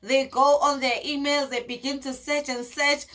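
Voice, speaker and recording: A woman, telling a personal story in a casual vlog. She is animated and dramatic and acts out scenes. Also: sits high, moderate pace. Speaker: vlogger.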